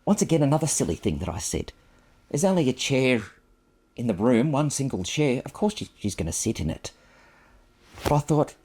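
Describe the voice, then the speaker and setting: A man's voice: mid-range voice, big pitch swings, moderate pace, long pauses, a little mellow, husky. A man in his fifties, a photographer, tells a personal story in an earnest, reflective and self-deprecating way, speaking into a clip-on microphone.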